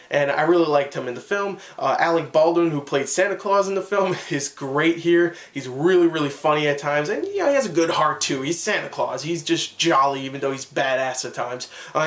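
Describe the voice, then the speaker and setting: A man's voice: a little high, a bit bright. A young man giving an enthusiastic, rambling casual film review, full of fillers and restarts. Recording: echoey room.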